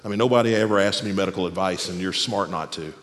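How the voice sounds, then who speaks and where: A man preaching a sermon as pastor, animated, then dropping to a soft, quiet voice for tender moments. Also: low-pitched, quick pace. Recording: long hall reverb.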